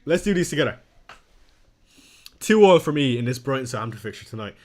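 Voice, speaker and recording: Young male streamer, casual self-deprecating chat, mid-pitched voice. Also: big pitch swings, a little fast. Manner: chatty, self-deprecating, reads chat aloud. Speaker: fantasy football streamer. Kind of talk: casual live-stream chat reading viewer comments.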